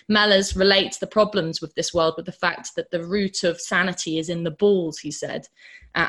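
A woman's voice: fairly low pitch, a bit bright. A woman giving an informal literature lecture, talking through a novel with fillers and reading quoted passages aloud with rising force.

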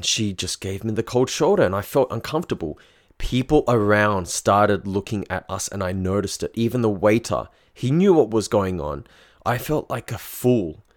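Candid man telling a story. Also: on the low side. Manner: candid, frank, swears freely. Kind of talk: casual first-person storytelling.

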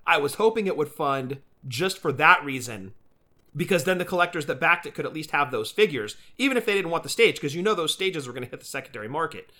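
A man's voice: fairly high pitch, animated, quick pace, pushed and bright. A man co-hosting a casual podcast, talking enthusiastically and calling people "dude.". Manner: enthusiastic, says "dude" a lot. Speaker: podcast co-host.

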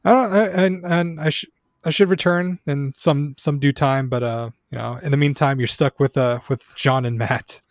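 A man's voice: medium pitch, fairly even intonation, moderate pace, no room sound, clean studio sound. A man co-hosting a podcast in casual chat, speaking hesitantly with many fillers. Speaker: podcast co-host.

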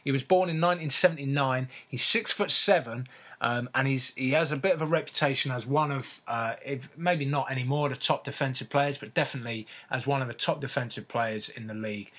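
A man telling a story in casual podcast chat, laughing often and filling pauses with ums and uhs. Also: mid-range voice, a bit bright.

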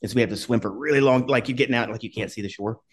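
A middle-aged man who talks fast and rambles through a story. He swears freely and laughs along as he goes. His pitch sits in a plain middle range. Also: slightly rough. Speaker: podcast guest, former Army skydiver. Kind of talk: casual storytelling.

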